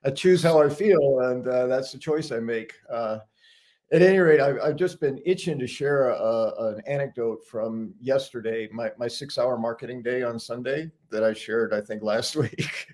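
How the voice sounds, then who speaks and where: A man's voice: medium pitch, moderate pace, darkish tone. Older American man, regular guest, chatty storyteller with an amused, self-deprecating manner. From United States. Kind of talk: casual storytelling.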